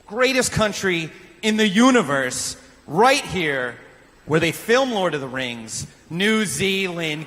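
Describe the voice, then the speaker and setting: A man shouting a bombastic, mock-pompous wrestling heel promo to a live crowd on a convention stage. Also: on the high side, animated, a little slow. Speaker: wrestling-game contestant cutting a heel promo. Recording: long hall reverb, faint room noise.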